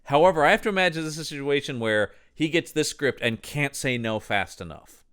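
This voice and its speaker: A man co-hosting a podcast, reviewing a movie in casual chat, animated and exclaiming, trailing off into fillers. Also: a little high, brisk, clean tone. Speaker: podcast co-host.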